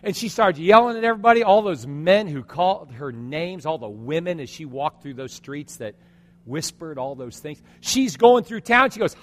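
A man preaching a sermon, telling a story and acting out its quotes, swinging from loud passages to hushed ones. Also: on the high side, lively intonation, normal speed. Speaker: pastor. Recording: long hall reverb.

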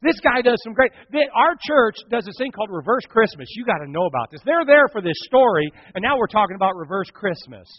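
A man, a pastor, preaching a sermon and telling a story, acting out the voices of the people in it, swinging from hushed to loud. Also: high-pitched, very animated, fast, hardly any pauses, husky, dry recording, muffled recording.

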